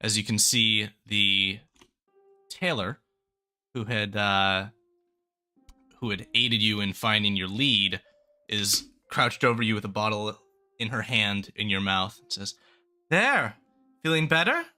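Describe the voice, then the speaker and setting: Bright-voiced man running a game. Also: lowish voice, fairly even intonation, slow pace, pauses often, faint music behind. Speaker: game master. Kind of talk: narrating a tabletop game.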